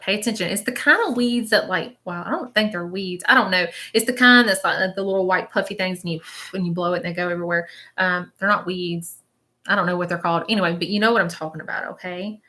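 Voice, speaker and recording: A woman's voice: lowish voice, brisk, sharp tone. A woman giving a live-stream reading as a spiritual medium, describing visions in a rambling, hesitant way and often checking in with "okay?". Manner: rambling, checks in with listeners with frequent "okay?" tags; describes visions in present tense, hesitant and searching.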